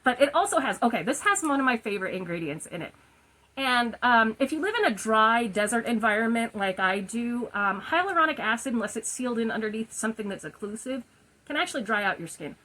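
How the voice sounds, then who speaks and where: Woman, 40s, husky and slightly high voice, chatty goofball skincare vlogger talking at home. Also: expressive, fairly quick, sharp tone, poor audio. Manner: chatty, goofy, laughs at own slips. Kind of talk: casual product review. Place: her room at home, indoors.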